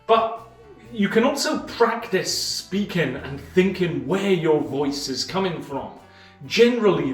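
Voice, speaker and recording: A man with a slightly raised voice explains a book in a measured way, leaning on pauses and emphasis. He sits a little back from the mic in an echoey room. Soft music plays faintly behind him. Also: a little high, distant mic. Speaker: channel host summarizing a book. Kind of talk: explanatory book-summary monologue.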